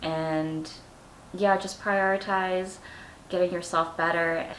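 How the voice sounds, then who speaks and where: A woman's voice: lowish voice, fairly even intonation, takes it slowly, a bit bright, roomy sound, slight background noise. A woman in her twenties telling funny personal stories at home in casual vlog chat, candid and self-mocking, laughing often. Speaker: vlogger.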